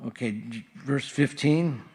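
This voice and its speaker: A man's voice: mid-range voice, a little slow, a little mellow, breathy edge. Male pastor, mid-range voice, informal verse-by-verse sermon in a church. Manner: casual, conversational teaching with frequent fillers. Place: church sanctuary.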